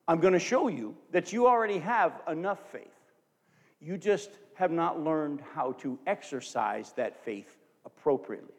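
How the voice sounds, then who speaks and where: High-voiced male preacher in a reverberant hall. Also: moderate pace. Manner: animated, acts out scripture quotes for the congregation. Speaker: pastor. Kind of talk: sermon.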